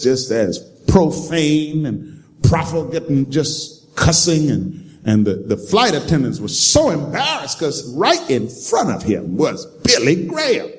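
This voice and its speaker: Slow, emphatic male preacher. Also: fairly high pitch. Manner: repeats key lines, asks the congregation, emphatic. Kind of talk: sermon storytelling.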